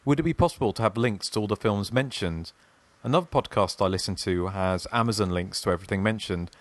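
A man's voice: fairly low pitch, brisk, no room sound. A man hosting a podcast, chatting casually and reading listener emails aloud. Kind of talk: casual chat.

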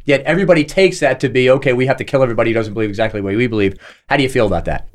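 A middle-aged man co-hosts a podcast, talking very fast in a mid-range voice. His casual chat is full of storytelling, and he acts out the voices of the people he quotes.

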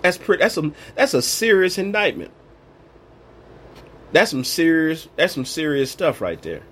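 A man's voice: on the high side, very animated, moderate pace, a bit bright, slight background noise. A man giving an informal sermon, preaching in an emphatic, colloquial way. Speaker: Bible teacher.

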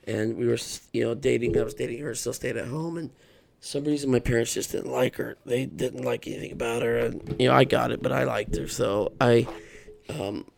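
A man's voice: mid-range voice, fairly even intonation, brisk. A middle-aged man, a podcast guest, telling an earnest personal story and acting out what people said. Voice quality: gravelly.

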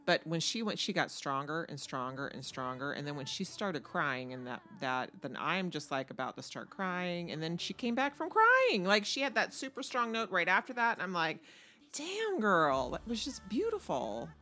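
A woman co-hosting a casual chat, expressive and conversational. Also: lowish voice, moderate pace, hardly any pauses.

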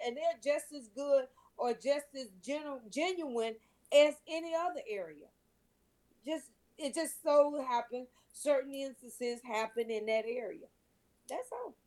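A woman's voice: sits high, darkish tone. A woman on a talk show earnestly telling a story, sometimes searching for words. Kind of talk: casual storytelling.

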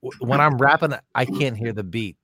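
A man's voice: medium pitch, moderate pace, background noise. A man taking turns at casual freestyle rapping, hesitant and chatty between bars. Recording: loud music over voice. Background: loud music beat.

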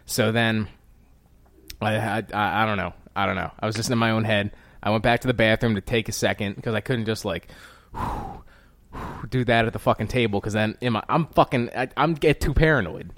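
A man talking casually and hesitantly with friends, in a low-key, mumbling way. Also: moderate pace, fairly bright tone, dry recording. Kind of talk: casual chat among friends.

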